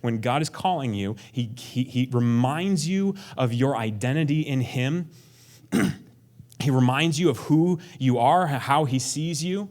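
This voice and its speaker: A man's voice: mid-range voice, animated, a little slow, a little mellow. A male pastor preaching a conversational sermon, acting out prayers in a raised voice and dropping to a near whisper for emphasis.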